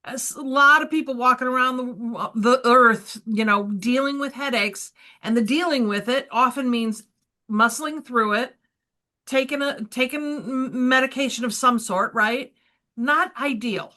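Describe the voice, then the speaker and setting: A woman's voice: fairly high pitch, measured pace, pushed and bright. A woman hosting a sponsored interview segment, speaking in a friendly conversational way. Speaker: host.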